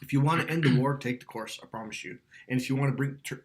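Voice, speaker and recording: A man's voice: medium pitch, quick pace. A man coaching on dating, talking emphatically, swearing and acting out quotes. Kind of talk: animated coaching talk.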